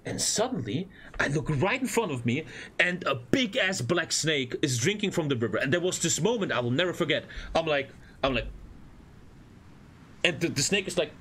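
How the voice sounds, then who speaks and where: A young German man with a German accent, chatting casually on a stream and telling animated stories with plenty of swearing. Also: fairly high pitch, moderate pace, slight background noise. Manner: animated storytelling, swears a lot, acts out voices. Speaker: streamer reacting to a video. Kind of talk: casual reaction stream chat.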